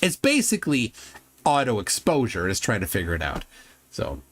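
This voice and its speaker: A man hosting a casual reaction show, sarcastic and quick to laugh loudly at what he watches. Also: medium pitch, huge pitch swings. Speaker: host reacting to videos. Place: home room with a fan running.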